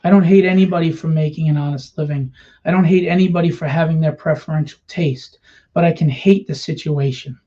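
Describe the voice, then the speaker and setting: Man ranting, bitter, confrontational, higher-pitched voice, dull lo-fi recording. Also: fairly even intonation, brisk, dark tone. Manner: bitter, confrontational, rhetorical questions. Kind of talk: impassioned rant to camera. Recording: dull lo-fi sound.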